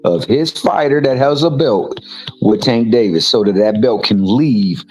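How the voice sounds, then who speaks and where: A man's voice: mid-range voice, a little slow, a little mellow, soft background music, low-quality recording. A man co-hosting a casual boxing talk show, making his points emphatically and often repeating words. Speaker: co-host.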